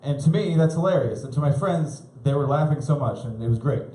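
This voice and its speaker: A young man doing a live stand-up set, rambling and laughing at his own stories, jumping into high shouty voices for the people he quotes. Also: lively intonation, a little fast. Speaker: stand-up comedian. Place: live comedy club stage. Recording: roomy club sound.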